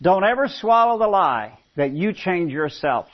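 A man's voice: high voice, a little slow. A man preaching a sermon to a congregation, telling stories with stammered restarts between lines. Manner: animated storytelling with stammered restarts. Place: church with congregation. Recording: dull lo-fi recording.

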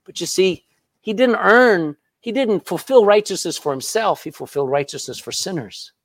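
A male preacher with a high voice that swings widely, delivering a sermon with emphatic energy. He keeps tossing questions to the congregation and punches key words. The sound is dry and close. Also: lively intonation, normal speed, no echo. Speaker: pastor.

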